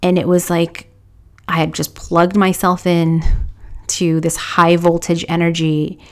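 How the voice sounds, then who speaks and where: A woman podcast host telling a personal story in a confessional way, often dropping to a hushed whisper when quoting people. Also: lowish voice, little pitch movement, measured pace, clean tone.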